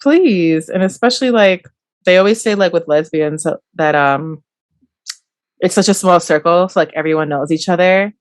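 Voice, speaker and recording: A woman's voice: on the low side, normal speed, dry recording, clean studio sound. A young woman co-hosting a podcast in casual chat, teasing with wry asides. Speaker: podcast co-host.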